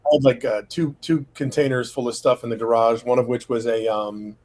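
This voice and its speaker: A man's voice: mid-range voice, steady tone, fairly quick, darkish tone, poor audio. A middle-aged man sharing a personal testimony from his home office, talking in a rambling, casual way with many fillers and quoted dialogue.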